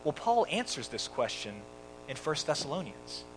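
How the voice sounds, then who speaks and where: A man's voice: a little high, sing-song, normal speed, noisy background. A man preaching a sermon in church, explaining a scripture passage and acting out a quoted scene for the congregation. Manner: preaching with dramatic quoted voices. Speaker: pastor.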